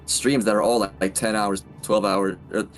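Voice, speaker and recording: A man's voice: lowish voice, flat delivery, normal speed, soft background music. A man streaming a game, chatting casually and loosely with lots of slang. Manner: laid-back, slangy, says dude and bro. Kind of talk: casual gaming chat.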